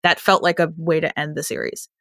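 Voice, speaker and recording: A woman's voice: sits low, steady tone, brisk, a bit bright, no room sound, clean studio sound. A woman in her late twenties co-hosting a TV recap podcast in casual chat, chatty and emotional, laughing often. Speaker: podcast co-host.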